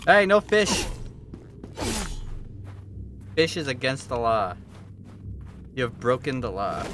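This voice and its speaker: A man's voice: expressive, moderate pace, slight background noise, natural voice. A man doing a pompous, menacing lawman voice. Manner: loud, pompous, higher-pitched. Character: stern self-righteous male lawman, menacing.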